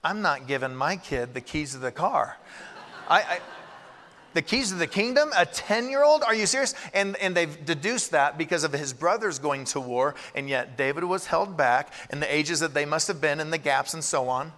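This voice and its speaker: A man in his thirties preaching a sermon, animated and acting out prayers and Bible voices. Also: fairly high pitch, moderate pace. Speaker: pastor. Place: large church hall. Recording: reverberant hall.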